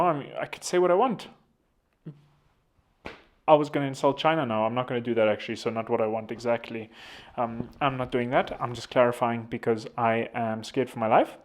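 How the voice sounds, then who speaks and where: A man hosting a podcast, talking in a rambling, casual monologue full of fillers and self-corrections. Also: mid-range voice. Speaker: podcast host.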